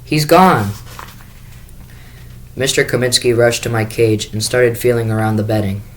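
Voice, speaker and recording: A man's voice: mid-range voice, level tone, fairly quick, rough recording. Man reading a children's book aloud. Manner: first-person storytelling with small restarts. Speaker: school staff reader.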